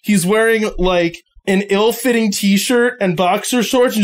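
A man's voice: high voice, unhurried, few pauses. A man narrating a tabletop game as game master, casual and rambling with lots of fillers.

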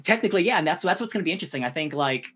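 A man co-hosting a casual review podcast. He talks at a rapid clip, piling up fillers and restarts as he goes. He slips into quick mocking voices to act out a point. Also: on the high side, breathy edge. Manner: fast, animated, filler-heavy, drops into mock voices. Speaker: podcast co-host.

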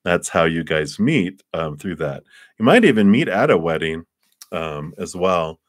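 A man giving live tarot readings in a gentle, rambling way with playful asides. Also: sits low, very animated, measured pace, no echo, studio quality. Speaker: tarot reader.

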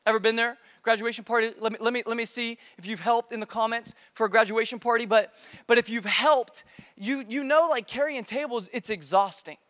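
A man preaching a casual youth sermon as pastor, energetic and joking, recorded live in a church. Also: very high voice, brisk. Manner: energetic, playful, joking with repeated slang. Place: church auditorium, live service. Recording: long reverb of a church hall.

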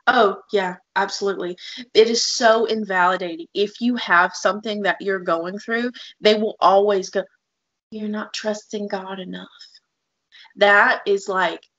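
A woman's voice: mid-range voice, steady tone, normal speed, fairly bright tone. A woman co-hosting a podcast, talking about her feelings in a raw, open and emotionally frank way. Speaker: podcast co-host. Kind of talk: candid conversational podcast talk. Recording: dull lo-fi audio.

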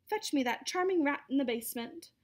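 A kind fairy godmother from a storybook, speaking calmly with a high, bright pitch, as a woman reads her part. She gives gentle instructions and firm but friendly warnings. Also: a little fast. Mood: cheerful. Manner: calm, instructive, gently commanding.

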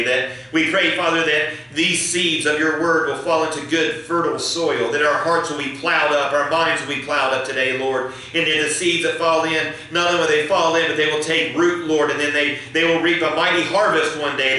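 A man's voice: fairly high pitch, fairly even intonation, normal speed, few pauses, pushed and bright. A man preaching a sermon as pastor, building emphasis and leading prayer. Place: church sanctuary. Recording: echoey church hall, mic at a distance.

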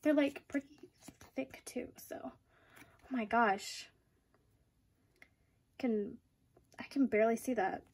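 Excitable high-voiced young woman vlogger. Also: slow, long pauses, slightly rough. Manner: excitable, gushing, giggly. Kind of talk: casual unboxing vlog.

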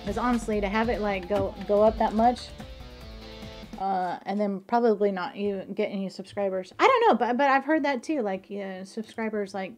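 A woman streamer chatting casually through a game, excitable and talkative with bursts of exclamations. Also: mid-range voice, moderate pace. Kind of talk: casual gameplay commentary. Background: clear music and game gunfire.

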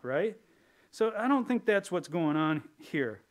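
A man preaching a sermon in a relaxed, conversational way, with a voice pitched a bit above the usual male range. He jokes with the congregation and sometimes drops into playful character voices. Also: slow pace. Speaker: pastor.

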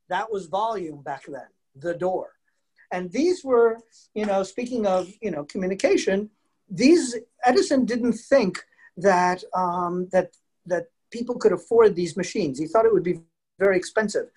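A man presenting a virtual museum program over a video call, jokey and animated, laughing often and talking directly to the children watching. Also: sits high, husky. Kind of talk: interactive virtual presentation for families.

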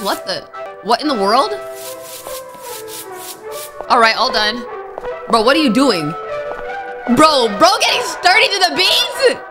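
A woman streamer playing a horror game, talking to herself in nervous, jumpy commentary. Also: fairly high pitch. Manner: jumpy, talks to herself, scared exclamations. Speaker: gaming streamer. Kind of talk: let's play commentary.

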